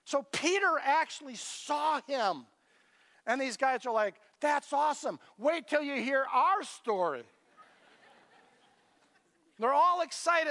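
High-voiced pastor preaching in a reverberant hall. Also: male voice, sharp tone. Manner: conversational preaching, acts out scripture dialogue in varied voices. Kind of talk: sermon.

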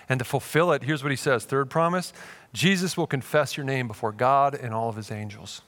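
A man preaching a sermon as pastor, emphatic and urgent, dropping to a quiet intensity and acting out quoted voices. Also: medium pitch, fairly quick. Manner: acts out quoted voices, checks in with "okay" and "right".

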